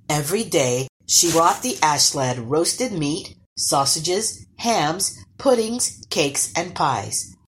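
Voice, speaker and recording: A woman narrating a storybook aloud in an expressive, unhurried way. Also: sits low.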